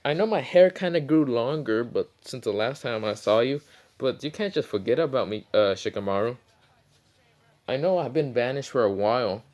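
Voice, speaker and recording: A man's voice: mid-range voice, animated, normal speed, a little mellow, natural voice. A man voicing a cheerful, eager teenage boy ninja in a casual spoken retelling of a fan story, in a slightly raised voice. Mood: indignant.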